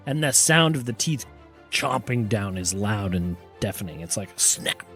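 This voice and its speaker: A man's voice: lowish voice, moderate pace, soft background music. Laid-back man running a tabletop game. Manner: relaxed, hesitant narration with many fillers. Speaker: game master.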